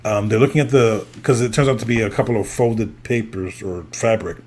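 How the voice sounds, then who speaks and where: A man co-hosting a casual show recap, excitable and prone to loud exclamations. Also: lowish voice, brisk.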